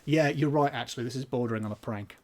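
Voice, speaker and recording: A man's voice: medium pitch, fast talker. A man co-hosting a live comedy podcast stream, joking loosely, stumbling over his words and reading chat comments aloud. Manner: jokey, self-interrupting, reads chat comments aloud. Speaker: podcast co-host.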